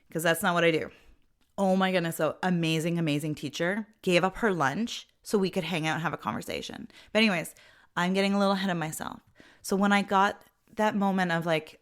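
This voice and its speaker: A middle-aged woman hosting her own podcast, talking casually and expressively about her life as a mother. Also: lowish voice. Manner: chatty and expressive, with frequent "like" and an occasional laugh. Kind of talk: casual personal monologue.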